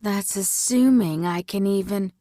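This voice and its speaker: A woman's voice: medium pitch, measured pace, dark tone, no room sound, studio quality, lightly acted. A woman reading a storybook and voicing a young female healer who sounds nervous and impatient. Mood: tense. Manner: tense, raised voice.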